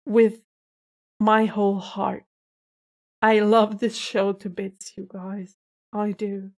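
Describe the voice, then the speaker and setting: A woman's voice: mid-range voice, a little mellow. A woman hosting her own reaction review, talking with gushing emotion, close to tears and laughing between words. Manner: gushing, emotional, laughs often, slow and effusive. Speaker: reaction video host.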